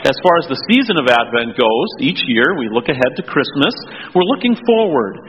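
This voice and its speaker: Pastor with a lively voice in a hall. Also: male voice, mid-range voice, a little hiss or hum. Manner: slow, deliberate reading, then relaxed chat with kids. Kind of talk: scripture reading and children's sermon. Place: church sanctuary. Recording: dull, echoey church recording.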